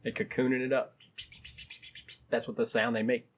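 A man co-hosting a podcast in casual chat, profane and animated, joking around. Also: medium pitch, normal speed. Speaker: podcast co-host.

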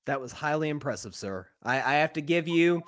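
A man with an East Tennessee accent hosting a casual sports podcast, upbeat and full of quick restarts and repeated words. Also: a little high, expressive, a bit bright, a little hiss or hum. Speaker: podcast host.

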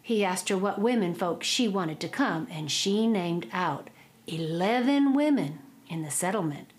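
A woman spins an old folk tale aloud. Her drawling delivery rises and falls with lively, animated pitch. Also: unhurried. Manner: drawling, expressive oral telling. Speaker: storyteller.

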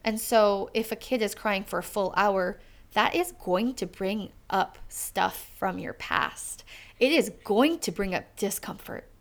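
A woman's voice: medium pitch, measured pace. A woman hosting an interview, speaking thoughtfully and emphatically and repeating her points for weight. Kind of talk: conversational interview.

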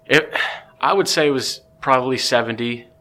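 A man, a podcast guest, telling a story in a casual, excitable way with many restarts. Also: medium pitch, normal speed.

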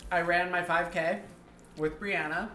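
A man's voice: high voice, fairly even intonation, measured pace, bright, forceful tone. A man co-hosting a podcast in chatty, emphatic casual conversation, with the occasional curse. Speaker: podcast co-host. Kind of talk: casual chat. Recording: roomy echo.

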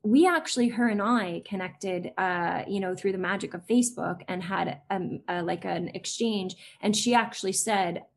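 A woman's voice: medium pitch, moderate pace, gravelly, hardly any pauses, a little hiss or hum. A woman in her forties talks casually as a guest on an interview show. She is chatty, fills her sentences with little fillers, and slips into other voices when she quotes children. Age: 40s. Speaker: guest, educator.

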